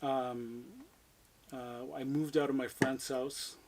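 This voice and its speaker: A man's voice: mid-range voice, little pitch movement, takes it slowly, darkish tone, a little hiss or hum, rough recording. A man, a podcast guest, telling his life story candidly, swearing freely and often asking "right?". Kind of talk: casual storytelling interview.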